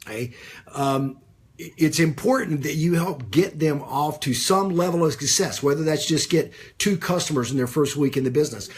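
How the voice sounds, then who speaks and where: A man gives a conversational business coaching talk on a live stream, using lots of fillers and repeated phrases and pausing to greet viewers by name. His voice is fairly high-pitched and slightly rough.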